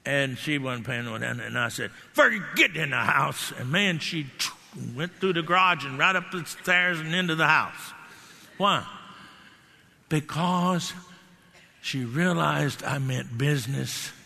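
Bright, forceful preacher with hall reverb. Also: male voice, fairly high pitch, a little slow, gravelly. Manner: animated storytelling, shouting declarations. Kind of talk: sermon. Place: church hall.

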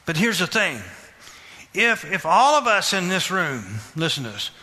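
A man preaching a sermon, questioning the congregation and repeating phrases in a steady rhythm. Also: on the high side, moderate pace. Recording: reverberant hall.

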